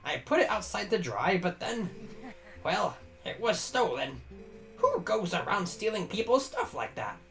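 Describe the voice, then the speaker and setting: A man voicing a gruff, evasive older town doctor in a video game reading. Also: sits high, wildly swooping pitch, measured pace, fairly bright tone, soft background music, exaggerated voice.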